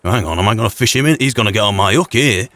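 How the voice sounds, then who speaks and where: A man's voice: lowish voice, animated, racing, fairly bright tone, no room sound. A man playing a blunt, teasing, suspicious frontier fisherman. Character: gruff cagey frontier man who fishes.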